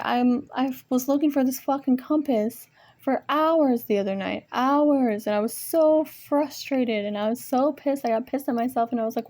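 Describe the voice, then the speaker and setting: Woman venting at her phone, kinda high but mellow voice, swears a ton, rambly and annoyed, laughs at herself. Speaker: vlogger. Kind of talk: casual venting monologue. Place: indoors at home among art supplies. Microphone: phone propped nearby.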